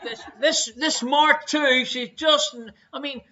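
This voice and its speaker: An Irish man hosts a live online quiz, reading questions and cracking teasing jokes between the answers. His voice is high and bright. The stream audio sounds muffled and lo-fi. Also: fairly even intonation, slow. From Ireland. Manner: joking, teasing banter with hesitant fillers. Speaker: quiz show host. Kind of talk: casual live quiz hosting.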